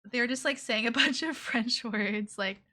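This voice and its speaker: A playful woman chats loosely with her viewers while she draws, drifting into hummed nonsense syllables. Her voice sits a little high and sounds bright and crisp. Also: fairly quick. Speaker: VTuber streamer. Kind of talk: casual livestream chat while drawing.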